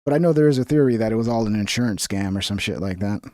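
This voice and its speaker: A man's voice: fairly low pitch, very fast, mellow, no room sound. A man hosting a stream, giving blunt, profane reaction commentary in a ranting way. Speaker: streamer host.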